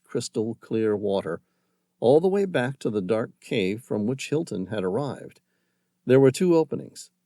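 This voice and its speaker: A man narrating an action thriller audiobook in a dramatic, measured storytelling manner, close to the mic. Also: mid-range voice, mellow, no room sound. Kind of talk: scripted narration.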